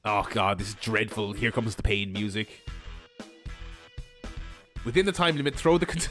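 A man giving excitable let's-play commentary, swearing freely and laughing often. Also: fairly low pitch, normal speed, long pauses, soft background music. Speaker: gaming video host.

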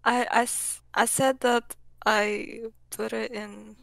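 A woman's voice: fairly high pitch, level tone, slow pace, gravelly, fairly bright tone, no room sound. A woman in a casual voice chat, flustered and stammering, repeating herself. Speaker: streamer.

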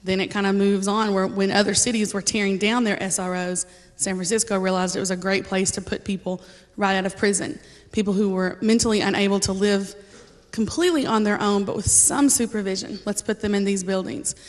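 A woman's voice: medium pitch, steady tone, a little fast. Woman giving a testimony in a church. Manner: casual and earnest, with frequent ums and light laughter. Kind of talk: personal testimony to a congregation. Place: church sanctuary. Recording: reverberant church hall.

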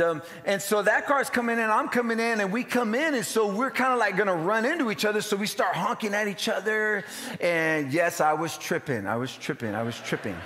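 A male pastor giving an animated, dramatic storytelling sermon and calling out to the congregation. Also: a little high. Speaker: lead pastor. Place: church sanctuary. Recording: long hall reverb.

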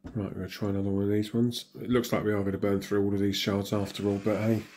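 A hoarse man, still recovering from illness, casually commenting and muttering reactions as he opens in-game crystals. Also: fairly low pitch, little pitch movement, fast talker, dark tone, slight background noise. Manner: chatty, mutters reactions to himself. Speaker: gaming channel host.

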